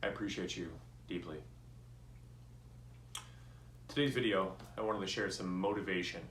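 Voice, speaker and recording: Man, low voice, earnest motivational talk, personal storytelling, roomy echo. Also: moderate pace, slight background noise. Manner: earnest storytelling, animated when voicing others. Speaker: motivational speaker.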